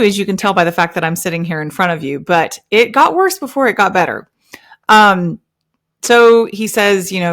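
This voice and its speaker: A woman in her thirties hosting a podcast, telling a personal story in a lively way and acting out the other people's lines. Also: on the low side. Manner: animated, acts out quoted dialogue. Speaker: podcast host.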